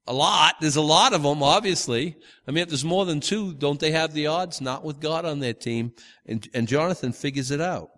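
A man's voice: a little high, fairly quick, fairly bright tone, big-room sound. A man teaching from the Bible in a loose, conversational way, stumbling over restarts and acting out the quotes. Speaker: preacher.

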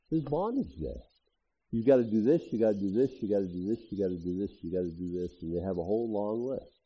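Male pastor, sermon read, husky voice, animated asides, muffled lo-fi recording. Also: medium pitch. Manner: conversational, animated preaching with asides. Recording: dull lo-fi audio.

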